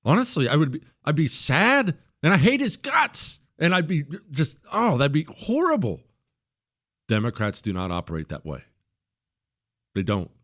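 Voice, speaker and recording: A middle-aged man hosting a talk radio show, delivering an emphatic, opinionated monologue and jumping into high mocking voices when he quotes others. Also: wildly swooping pitch, normal speed, fairly bright tone.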